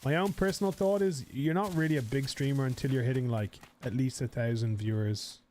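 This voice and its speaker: A man's voice: mid-range voice, a little fast, a little mellow, a little hiss or hum. A man streaming a game live, chatting casually with viewers, rambling and swearing.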